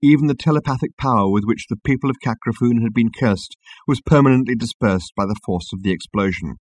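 Husky man, dry studio sound, measured audiobook narration. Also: mid-range voice, darkish tone, no echo.

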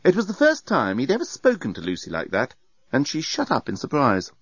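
A man narrating an audiobook in a wry, expressive storytelling manner, on a dry, slightly dull recording. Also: medium pitch, a little fast, breathy edge, no room sound.

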